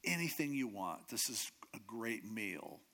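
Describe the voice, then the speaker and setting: Hot-tempered king, man's voice, outraged then offhand, animated. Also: lowish voice, measured pace, heavily acted. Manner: shouts in outrage, then shrugs things off. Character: ancient king, quick to fury.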